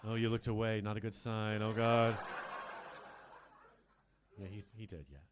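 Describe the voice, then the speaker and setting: An older man performs a camp, teasing stand-up set on a club stage, holding a handheld mic. His tone is level and his pace measured, swooping between mock-deep and high voices, with a noisy background behind him.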